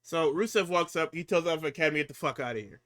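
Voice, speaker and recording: A man co-hosting a casual, profane talk show, recapping wrestling and swinging between hyped outbursts and low muttering. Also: quick pace, a bit bright. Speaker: podcast co-host recapping wrestling.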